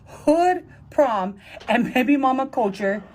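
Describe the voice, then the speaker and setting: A woman's voice: sits high, expressive, slow pace, darkish tone, slight background noise. Profane exasperated woman ranting. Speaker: commentary host. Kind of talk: ranting commentary.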